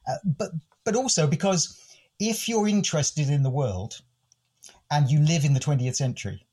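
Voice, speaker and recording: A man's voice: on the high side, animated, normal speed, warm tone, husky. An older man from the United Kingdom, a podcast host and interview guest, musing thoughtfully and quoting poets. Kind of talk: reflective interview talk.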